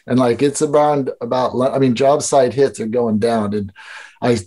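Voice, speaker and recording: A man's voice: mid-range voice, fairly even intonation, normal speed, mellow. Rambling, profane man from Illinois. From Illinois, USA. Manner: rambling, profane, heavy on filler words. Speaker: podcast guest, skatepark builder. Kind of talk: casual storytelling chat.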